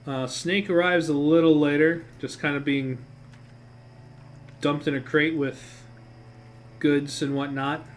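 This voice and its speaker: A man's voice: fairly high pitch, flat delivery, slow, long pauses, slight background noise. A man acting as game master who recaps and narrates a tabletop game on a stream in a casual, rambling way, swearing freely and correcting himself as he goes.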